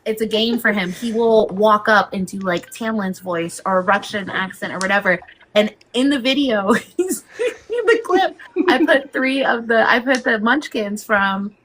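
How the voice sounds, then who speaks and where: A woman's voice: medium pitch, lively intonation, moderate pace, fairly bright tone, slight background noise. A woman hosting a casual interview over a laptop video call, telling stories in a bubbly, giggly way. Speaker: host.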